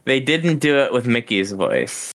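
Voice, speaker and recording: A man co-hosting a podcast in casual chat, hesitant and pausing often on "uh". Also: mid-range voice, wildly swooping pitch, a bit bright. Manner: hesitant, many "uh" pauses. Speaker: podcast co-host.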